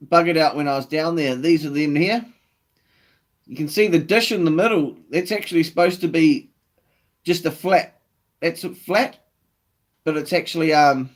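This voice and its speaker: Laid-back New Zealand man streaming live. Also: fairly high pitch. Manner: laid-back, swears freely, reads out viewer comments. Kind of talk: casual live-stream chat.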